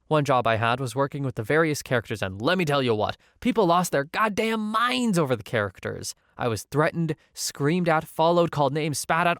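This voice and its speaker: A man's voice: medium pitch, clean tone, no room sound, clean studio sound. A man reading online stories aloud and adding casual, wry commentary between them. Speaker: story narrator and commentator.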